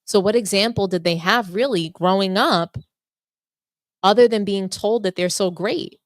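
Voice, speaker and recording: A woman in her thirties hosting a sports talk show, giving frank and measured opinions. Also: mid-range voice, no echo, studio quality. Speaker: podcast host. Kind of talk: casual commentary.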